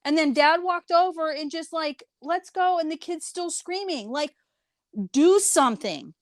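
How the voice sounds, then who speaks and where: A woman co-hosting a casual podcast chat, telling a lively story and laughing often. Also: high-pitched, measured pace, no room sound, clean studio sound. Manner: animated storytelling, frequent laughs. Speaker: podcast co-host.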